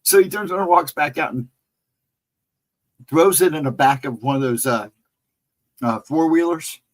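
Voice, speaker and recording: This livestream host speaks at a normal speed in a slightly high voice, chuckling frequently as he rambles through casual anecdotes for his viewers. The recording sounds poor.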